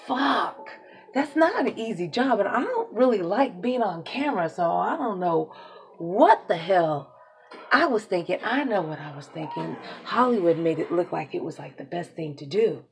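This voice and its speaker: A young adult woman talking to camera in a rambling personal monologue, emotional and swearing freely, swinging between quiet confiding and loud ranting. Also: on the low side, big pitch swings, a little slow, creaky. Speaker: vlogger.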